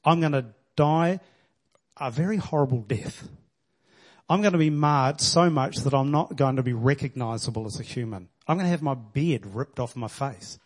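Devoted groom , voiced by a male preacher: earnest, pleading, middle-pitched. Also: normal speed, natural voice. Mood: earnest pledge. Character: devoted man pledging love to his bride. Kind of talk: sermon with acted-out quotes.

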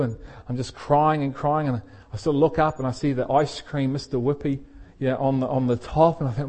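A man's voice: medium pitch, fairly quick. Liverpudlian man telling a sermon story. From England. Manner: storytelling, animated, laughs often. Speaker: pastor.

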